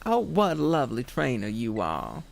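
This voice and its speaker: A man reading the lines of a polite, gentle female pastry-chef gym leader from a video game in a mild, soft tone, with a slightly gravelly voice. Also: mid-range voice, huge pitch swings, normal speed, faint music behind, heavily acted. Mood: gracious.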